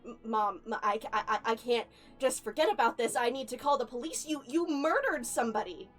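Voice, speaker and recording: A woman voicing a frightened young ghost in a tabletop game, stammering and pleading in a rushed voice. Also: on the high side, lively intonation, fairly bright tone, faint music behind. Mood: panicked.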